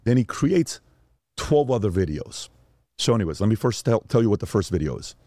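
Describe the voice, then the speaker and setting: A man's voice: on the low side, big pitch swings, brisk, mellow, no room sound, clean studio sound. A man, a father, telling stories as a podcast guest and acting out the voices of the people in them. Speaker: father of young sons. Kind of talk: animated storytelling.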